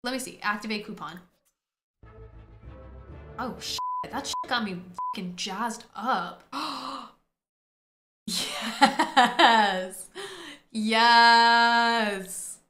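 A woman giving excitable, profane play-by-play commentary on a game, often breaking into laughter. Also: mid-range voice, unhurried, pauses often, roomy sound. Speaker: gaming streamer. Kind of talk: casual gameplay commentary. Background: faint game music.

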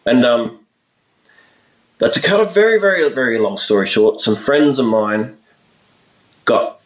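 A man in his forties, a guest musician telling stories in a casual interview, animated and acting out the people in his anecdotes. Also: medium pitch, a little slow. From Australia. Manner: animated storyteller, acts out voices in his anecdotes. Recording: roomy echo, a little far from the mic.

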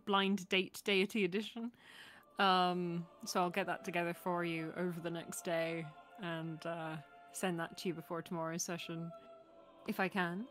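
A woman's voice: on the low side, fairly even intonation, a little slow, sharp tone. A woman game master chatting casually after a session, laughing often and rattling off playful lists. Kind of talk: casual post-session chat. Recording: faint music behind the voice.

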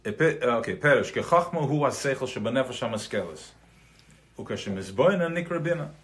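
A man's voice: mid-range voice, expressive, fairly quick, fairly bright tone. A man teaching a live class in a loose, conversational way, mixing in Yiddish terms, checking in with his listeners and acting out everyday examples. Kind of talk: live recorded Chassidic class.

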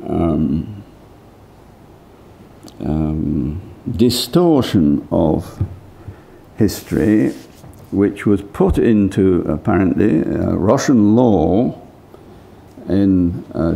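A man's voice: deep voice, gravelly, warm tone. An older man giving impromptu academic remarks, hesitant, with many fillers and restarts. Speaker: lecturer.

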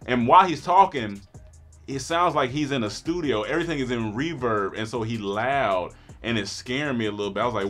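Animated man telling a funny story. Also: medium pitch, brisk, faint music behind. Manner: animated, acts out quotes, laughs often. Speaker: storyteller guest. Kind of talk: comedic storytelling.

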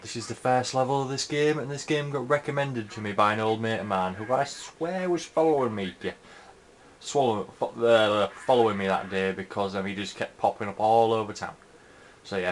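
A young man quietly commenting on a video game he is playing at home, keeping his voice low so he won't wake someone. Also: slight background noise, low-quality recording. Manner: talking softly so as not to wake someone. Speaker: gamer recording gameplay commentary. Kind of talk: quiet casual gameplay commentary. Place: indoors at home.

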